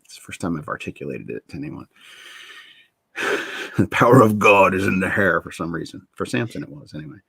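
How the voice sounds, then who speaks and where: A man's voice: low-pitched, expressive, brisk, gravelly, pauses often, a bit bright, husky, no room sound. A middle-aged man hosting a casual chat show, rambling and interrupting himself, often laughing at himself. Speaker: show host.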